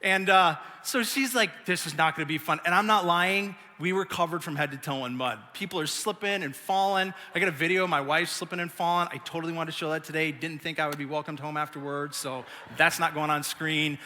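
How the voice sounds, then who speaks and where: A middle-aged man giving a sermon as pastor, telling stories in an animated, self-mocking way. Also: on the high side, brisk, hardly any pauses. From United States. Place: large church auditorium. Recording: long reverb of a church hall.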